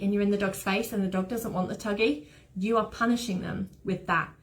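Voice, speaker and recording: A woman's voice: medium pitch, steady tone, brisk. A woman who trains dogs, giving an informal, rambling online talk full of anecdotes. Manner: chatty, rambling, fond of anecdotes. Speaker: dog behaviour trainer.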